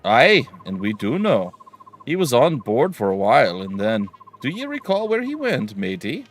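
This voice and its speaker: A man's voice: medium pitch, huge pitch swings, a little hiss or hum, voice pushed up. Man doing a hammy sly pirate captain. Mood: gloating. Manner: hammy pirate speak, drawn-out "yar".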